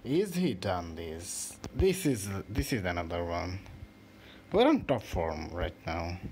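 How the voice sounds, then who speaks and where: A man hosting a mobile football game channel, giving casual, excitable commentary with swearing and halting restarts over his own play. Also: low voice. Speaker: gaming channel host. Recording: noisy home recording.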